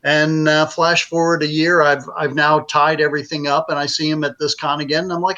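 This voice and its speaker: A man's voice: fairly high pitch, flat delivery, a little fast, hardly any pauses, sharp tone. A man, a publisher and author, telling a story in a casual interview, rambling with many fillers and restarts.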